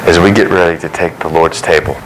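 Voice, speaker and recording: A middle-aged male pastor preaches a sermon in a very low voice, earnest and emphatic, speeding up and then slowing to stress key words. His voice sits over clear background noise from the room. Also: fairly even intonation. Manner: earnest preaching with shifting pace and emphatic rises.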